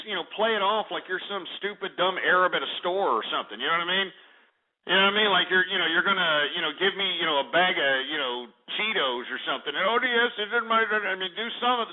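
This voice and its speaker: A man hosting a call-in radio show, ranting angrily and berating his callers. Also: sits high. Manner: angry, exasperated, insulting callers. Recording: tinny phone-like audio.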